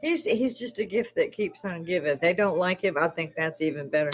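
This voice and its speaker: A woman's voice: fairly low pitch, lively intonation, a little fast, soft background music. An older woman hosting a casual livestream from her bar, swearing freely and breaking into laughs often. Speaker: livestream host.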